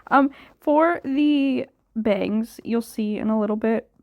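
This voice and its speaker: A hair dye vlogger with a voice on the high side speaks slowly in a casual voice-over chat, the audio phone-quality. The young woman is tired and yawning, rambling and uncertain with lots of fillers.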